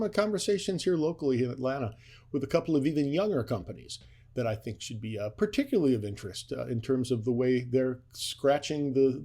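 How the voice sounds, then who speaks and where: A man hosting a fintech podcast, talking in a chatty, animated way with frequent restarts. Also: medium pitch. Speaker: podcast host. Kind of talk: casual podcast conversation. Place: local to Atlanta.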